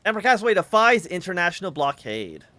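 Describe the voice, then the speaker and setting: A man's voice: sits high, big pitch swings, quick pace, sharp tone. A man streaming a story game who reads the text aloud and breaks in with casual, incredulous asides. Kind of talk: let's play with read-aloud narration.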